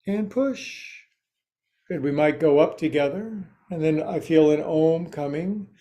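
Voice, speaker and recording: Slow-talking joking male yoga teacher. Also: on the high side, mellow, muffled recording. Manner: slow and joking, with quirky asides. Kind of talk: guiding a yoga class.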